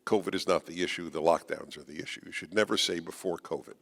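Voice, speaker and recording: Guy giving a fired-up speech to a crowd, punchy bright voice, echoey hall. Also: quick pace, gravelly, husky. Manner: emphatic, combative and wry, with sharp swings in pitch and loudness. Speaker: guest speaker. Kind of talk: speech to a live audience. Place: auditorium with an audience. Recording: reverberant hall.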